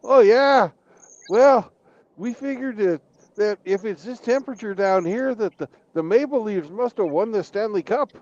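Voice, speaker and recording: A man's voice: high voice, normal speed, a little mellow, no room sound, muffled recording, pitched above the performer's own voice, natural voice. A man voicing two cheerful male Canadians in a joke, chirpy and delighted, ending lines with "eh".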